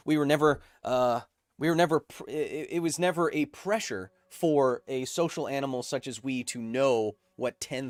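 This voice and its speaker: Jokey guy hosting a live science stream, goofy rambling asides, mid-pitch voice, dry close mic. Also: no room sound. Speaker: host.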